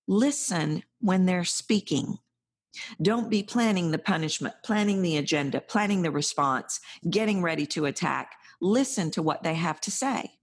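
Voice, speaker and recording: Low, husky-voiced woman giving parenting advice. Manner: earnest, coaching, emphatic. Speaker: parenting podcast host. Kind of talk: advice monologue.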